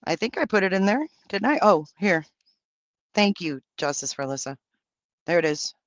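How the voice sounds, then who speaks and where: A man's voice: high voice, big pitch swings, moderate pace, a bit bright, no echo. A man hosting a livestream, reading out and answering viewer comments in brash, profane, campy banter. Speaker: livestream host.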